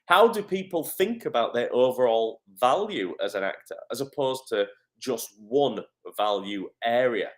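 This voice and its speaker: A middle-aged man with a Northern English accent, an acting coach giving a live coaching talk, encouraging and energetic, answering viewer comments. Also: mid-range voice, measured pace.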